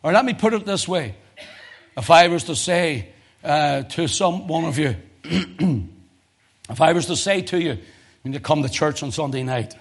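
A male preacher delivering a fervent sermon, swinging from loud emotional crescendos to low, intense tones. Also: expressive, measured pace, long pauses, slightly rough.

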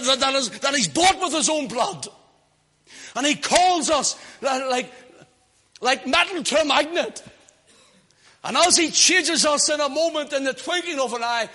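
A man from the British Isles preaching a fiery sermon in a church, swinging from hushed talk to shouted praise. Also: very high-pitched, husky.

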